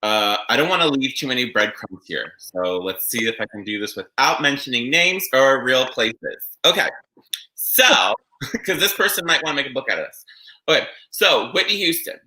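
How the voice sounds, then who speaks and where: A man hosting a casual chat podcast, telling stories in a rambling, animated way. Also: medium pitch, low-quality recording. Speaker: podcast host.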